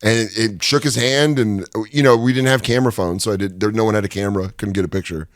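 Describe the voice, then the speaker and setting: A man telling stories as a guest in a studio interview, chatty and animated, acting out the people he quotes. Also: fast, no room sound. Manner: animated, chatty, acts out quotes with lots of pitch swings. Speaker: guest, stand-up comedian. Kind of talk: casual storytelling in an interview. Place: podcast studio.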